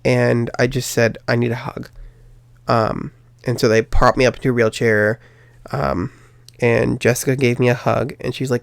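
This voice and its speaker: A man's voice: mid-range voice, level tone, moderate pace, creaky, no room sound. A young man hosting a podcast, telling a personal story in a rambling way, with many fillers and restarts. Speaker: podcast host.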